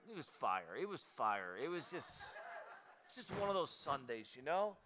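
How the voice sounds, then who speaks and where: A man's voice: on the high side, very animated, moderate pace, noisy background. A male pastor preaching a live sermon in a church, telling stories in a loose conversational way with laughing asides. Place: church auditorium, live service.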